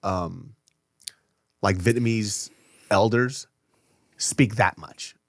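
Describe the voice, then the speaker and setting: A man hosting a casual podcast, joking and talking in an animated, loose way. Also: fairly low pitch, drawn-out words, dry recording, clean studio sound. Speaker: podcast host.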